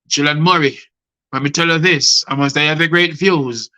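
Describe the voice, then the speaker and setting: Host, middle-aged man, crisp bright voice, performs rhyming poems live. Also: fairly high pitch, steady tone, normal speed, poor audio. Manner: rhythmic spoken-word delivery, addressing guests by name. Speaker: host and poet. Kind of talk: reciting rhyming poetry on a live show.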